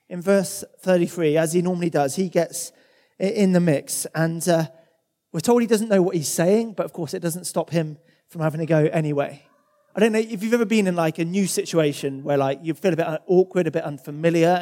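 Male preacher, warm higher voice, casual sermon, long hall reverb. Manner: conversational, with acted quotes and repeated words.

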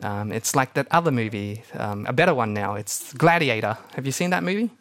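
A young man preaching a sermon to his church, telling stories with animated energy and acting out the people he quotes. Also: mid-range voice, brisk. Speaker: pastor.

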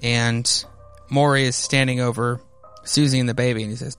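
A man's voice: mid-range voice, little pitch movement, normal speed, fairly bright tone, clean tone, soft background music. A man hosting a podcast, casually recapping a comic with rambling asides and many fillers. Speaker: podcast host.

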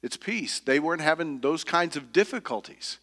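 Halting pastor in a reverberant church. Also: male voice, fairly high pitch, expressive, a bit bright. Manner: halting, repeats words, earnest. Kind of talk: sermon. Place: church sanctuary. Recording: long reverb of a church hall.

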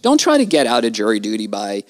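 A man's voice: on the low side, huge pitch swings, fast talker. A man, a trial lawyer and guest on a casual podcast conversation, talking in an earnest, emphatic, almost preacherly way.

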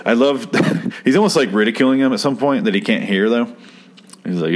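A man's voice: medium pitch, fairly quick. A man reviewing an old TV episode in casual, profane commentary, sarcastic and rambling, acting out the lines he quotes. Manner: sarcastic, rambling, swears freely, acts out quotes.

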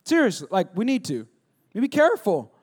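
A male pastor preaching a sermon, swinging from loud, emphatic bursts to low, quiet asides and acting out conversations with himself. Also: wildly swooping pitch, fairly quick, breathy edge. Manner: acts out conversations, asking and answering himself.

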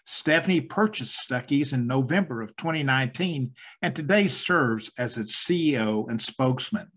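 A middle-aged man hosting an interview podcast, genial and quick to laugh, with some halting restarts. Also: medium pitch, lively intonation, fairly bright tone, slightly rough. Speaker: podcast host.

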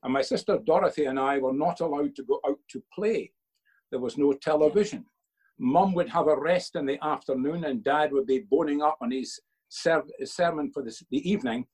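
A man's voice: fairly high pitch, normal speed, a little mellow, breathy edge, poor audio. An older man, a father being interviewed by his son for a church video, telling earnest stories and quoting himself with emphasis.

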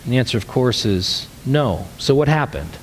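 A man pastor preaching a sermon in a conversational, animated storytelling way, often restarting his phrases. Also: medium pitch, moderate pace, long reverb tail, slight background noise.

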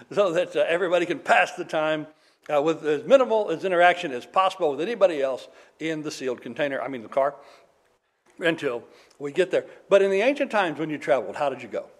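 A man's voice: fairly high pitch, expressive, a little fast. A man preaching a sermon in a conversational way, with dry humor, reading scripture aloud. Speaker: pastor.

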